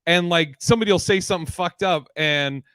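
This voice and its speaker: High-voiced, blunt, swearing male co-host. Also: a little fast, a bit bright, smooth, no echo. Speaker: podcast co-host. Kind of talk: casual chat.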